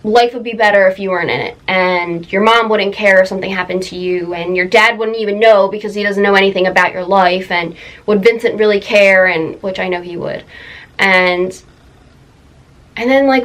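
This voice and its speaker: Emotional young woman, halting and tearful. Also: medium pitch, poor audio. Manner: emotional, halting, many fillers. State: close to tears. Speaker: vlogger. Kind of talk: personal confessional vlog.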